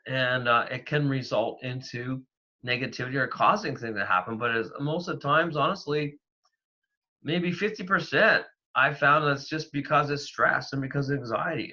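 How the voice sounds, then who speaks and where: A man from Canada, a paranormal investigator, talking in a rambling, animated way with lots of fillers. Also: medium pitch. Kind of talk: casual interview talk. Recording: dull, lo-fi remote audio.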